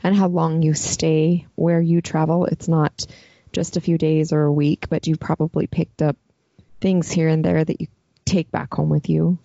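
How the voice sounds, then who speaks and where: A woman's voice: sits low, little pitch movement, moderate pace, creaky, mellow, no room sound, highs cut off. A woman co-hosting a podcast in easygoing, casual chat. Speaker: podcast co-host.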